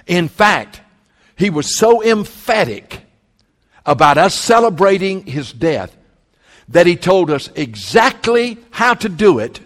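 Animated preacher in a reverberant church. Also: male voice, sits high. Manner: animated, emphatic preaching with folksy asides. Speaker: pastor. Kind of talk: sermon. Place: church sanctuary.

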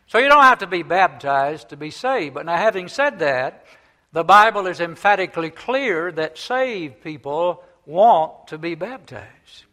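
A man preaching a sermon, swinging between loud emphatic phrases and soft, low endings. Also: expressive, measured pace.

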